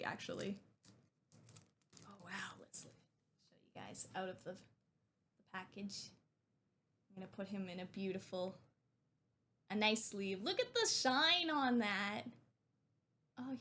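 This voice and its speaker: A young woman streamer chatting excitedly while unboxing, gushing and talkative. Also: mid-range voice, a little hiss or hum.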